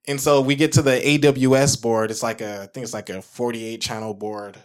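A man's voice: mid-range voice, fairly quick, clean tone. A man in his twenties, a guest music producer, telling a story in casual chat with lots of fillers like "like" and "you know". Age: 20s. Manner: animated, rambling, heavy use of "like" and "you know".

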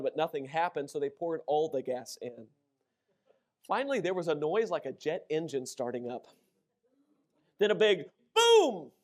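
Middle-aged male pastor, fairly high voice, lively storytelling sermon. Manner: animated storytelling, acts out shouted quotes. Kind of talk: sermon with personal stories.

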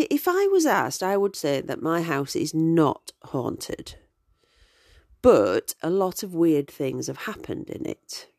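A woman in her forties tells stories on her podcast, slow and chatty, with plenty of ums and side turns. Her voice sits low. The recording is close and dry. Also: a little mellow, dry recording. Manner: chatty, digressive, many ums. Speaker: podcast host. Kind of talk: casual storytelling.

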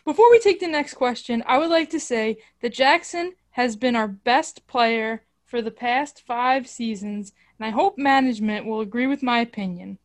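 A woman reading the part of a male team executive in a casual script read, measured and formal. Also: fairly high pitch, dry recording, studio quality, natural voice. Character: male team executive defending his player.

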